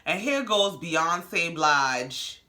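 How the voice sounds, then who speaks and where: Sassy bright-voiced woman recapping TV. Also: fairly low pitch, lively intonation, very slow. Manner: sassy, blunt and slangy. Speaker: reality TV recap host. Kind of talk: casual commentary.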